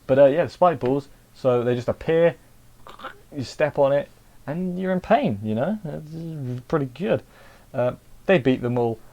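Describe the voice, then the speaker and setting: A man's voice: a little high, expressive, unhurried, warm tone, dull audio. An English man giving a casual, rambling anime episode review, chatty and full of restarts. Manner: rambling, chatty, self-interrupting.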